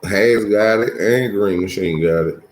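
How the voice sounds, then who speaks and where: Deep-voiced laid-back man. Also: measured pace. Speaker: co-host. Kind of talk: casual chat. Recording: echoey room, faint noise.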